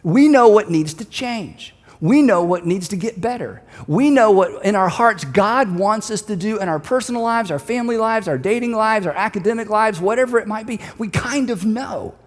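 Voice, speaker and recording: A middle-aged man delivers a sermon with a fairly high voice, loose and conversational in his storytelling. He turns emphatic on repeated key lines. His voice carries a long reverb tail from a large auditorium. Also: expressive, normal speed, few pauses. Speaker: pastor.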